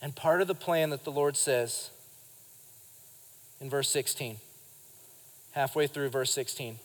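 A man's voice: mid-range voice, measured pace. Man preaching in a reverberant church. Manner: lively preaching, acts out quotes and addresses the congregation. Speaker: pastor. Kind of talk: sermon. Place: church sanctuary during a live service.

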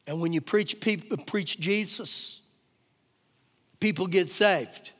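A man preaching a live sermon as pastor, emphatic, repeating phrases and swinging between loud and hushed. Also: high voice, slow pace. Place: church sanctuary during a service. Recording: long hall reverb, faint guitar.

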